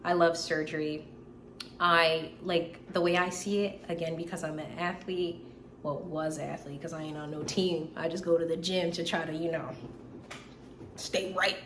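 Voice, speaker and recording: A young woman in her twenties tells stories in a loose, animated way, piling up "like" and repeats. Her voice sits a little low and sounds tired, since she is still getting over being sick. She is recorded in a roomy, echoey space with a faint hiss behind her. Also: normal speed. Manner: animated storytelling, lots of "like" and repeats. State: tired and recovering from illness. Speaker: medical student vlogger. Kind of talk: casual chat.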